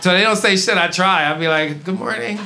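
A man from Brooklyn with a New York accent doing a stand-up comedy set, telling stories animatedly and breaking into loud shouted punchlines. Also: sits high, brisk. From East New York, Brooklyn. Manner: animated storytelling, shifts into loud shouting punchlines and voiced characters. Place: comedy club stage before a laughing audience. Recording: loud audience noise. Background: audience laughter.

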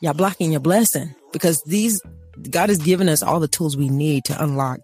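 Husky woman ranting about faith on a talk show, emphatic, acts out both sides. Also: sits low, normal speed, darkish tone, soft background music. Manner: emphatic, acts out dialogues, laughing asides. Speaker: co-host. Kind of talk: animated faith talk, preaching rant.

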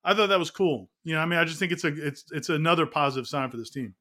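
A man's voice: a little high, expressive, racing, bright, forceful tone. A man co-hosting a casual sports talk show, telling stories and teasing with laughter. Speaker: sports podcast co-host.

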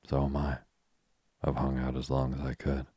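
A man's voice: a bass voice, completely flat delivery, warm tone, husky, dry recording, clean studio sound. A man reading the lines of a frank, spirited young woman who is restless and short of money, in a chatty, blunt manner. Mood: fretful. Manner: chatty and blunt, quick to exclaim.

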